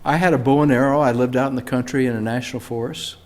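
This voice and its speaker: An older male pastor gives a Sunday sermon in a church, telling a personal story in a plain, conversational way. His pitch sits mid-range, and he leans on key words with emphatic rises. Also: steady tone, fast talker. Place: church sanctuary.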